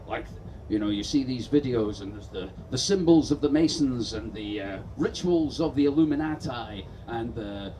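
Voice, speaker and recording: A man doing a sardonic, profane satirical stand-up rant on an outdoor festival stage, building to shouts. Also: on the high side, distant mic, slight background noise, poor audio. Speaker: stand-up comedian.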